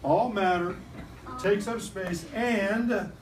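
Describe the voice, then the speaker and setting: A man's voice: high voice, slow. A man teaching young children science in a classroom, playful and coaxing, leading call-and-response chants. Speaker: science teacher visiting a first grade class. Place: school classroom. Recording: distant mic, noisy classroom.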